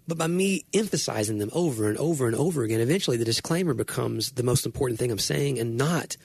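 A man with a husky, slightly breathy voice talks through matters of faith in an earnest, meandering way, often restarting his sentences. His sound is close and dry, with no room around it. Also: medium pitch, expressive, fast talker, hardly any pauses, darkish tone, no echo. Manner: earnest, rambling, self-correcting. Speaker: Christian podcast co-host. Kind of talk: casual faith conversation.

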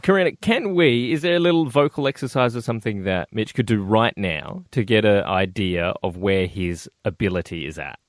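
A man co-hosting a radio show in casual banter, playful and quick to laugh. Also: fairly low pitch, lively intonation, no echo, studio quality.

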